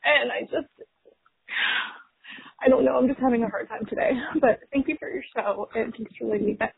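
A woman's voice: on the high side, moderate pace, creaky, slightly rough, no echo. A young woman, a mother, leaving a rambling, emotional voicemail rant full of fillers, her voice strained. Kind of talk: tearful venting rant. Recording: tinny phone line.

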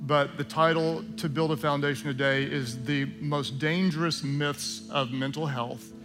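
High, bright-voiced male pastor preaching. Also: fairly even intonation, soft background music. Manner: conversational, joking asides, prayerful slowing. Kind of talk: sermon.

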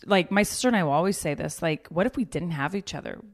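A woman in her thirties talking as a guest in a casual conversation, telling stories with lively acted-out quotes. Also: on the low side, fast talker. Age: 30s. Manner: animated storytelling, acts out quoted voices.

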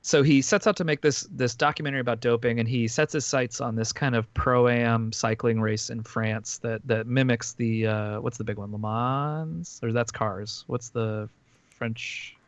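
A man's voice: mid-range voice, steady tone, moderate pace, no room sound. A man on a podcast, casually recapping a documentary in a rambling way, full of fillers and restarts. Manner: rambling, filler-heavy storytelling with frequent restarts. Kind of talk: casual chat.

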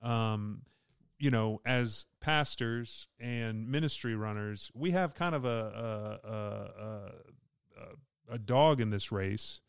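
A man's voice: on the low side, takes it slowly, clean tone, no echo, studio quality. A man with a Southern US accent, a pastor talking through Bible verses in an easygoing, joking podcast chat. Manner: easygoing, joking, laughs often. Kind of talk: casual podcast Bible discussion.

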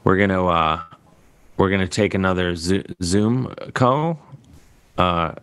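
A man's voice: low-pitched, slow, a bit bright, smooth. A man hosting a live call-in comedy show, joking and teasing his callers. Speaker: host.

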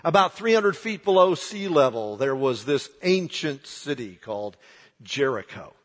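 A pastor delivers a sermon, his husky voice ringing through a large, reverberant hall. He speaks slowly but with a lively, high-reaching pitch. He drops to a near hush, then builds to loud, dramatic emphasis. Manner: dramatic, swings from hushed to shouting.

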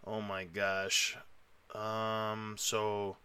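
Bright-voiced guy rambling excitedly on a podcast, dry close mic. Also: mid-range voice, normal speed, no room sound. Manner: excitable and emotional, rambling storyteller. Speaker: podcast host. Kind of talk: casual chat.

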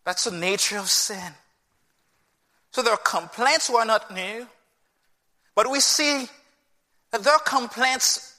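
Man preaching, high bright voice, emphatic, long hall reverb. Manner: emphatic, asks the audience rhetorical questions. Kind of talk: sermon.

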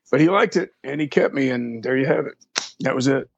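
Husky-voiced man telling road stories. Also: mid-range voice, fast talker, no echo. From Texas. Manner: rambling, profane, acts out quoted people. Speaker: drum tech. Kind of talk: casual storytelling interview.

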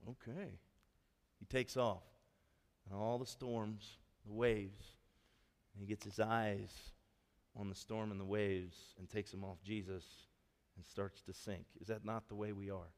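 Animated preaching man in a reverberant hall. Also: fairly low pitch, unhurried. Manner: animated storytelling, acts out quotes. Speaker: pastor. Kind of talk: sermon.

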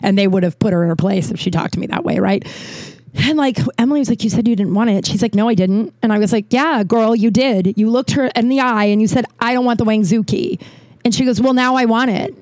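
A woman's voice: a little high, fast talker, darkish tone, no echo. A woman telling a story in a casual, chatty way, full of fillers and swearing, acting out what people said. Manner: chatty, lots of "like", swears, acts out quotes.

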